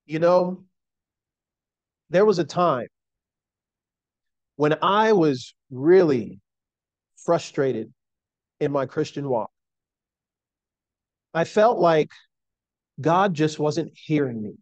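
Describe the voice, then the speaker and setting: A man's voice: a little high, expressive, no room sound. Earnest man preaching a sermon. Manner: earnest, slow emphatic delivery.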